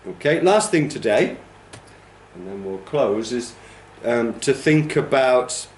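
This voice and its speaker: A man's voice: mid-range voice, expressive, slow pace, darkish tone, roomy sound, slight background noise. A man teaching a training class, explaining pronunciation and demonstrating stress patterns aloud. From United Kingdom. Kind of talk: classroom lecture.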